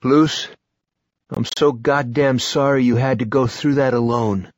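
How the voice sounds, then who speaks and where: A man reading an audiobook, voicing a gentle, worried husband and father who speaks in a soothing way. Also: medium pitch, steady tone, unhurried, no room sound, studio quality, close to an everyday voice.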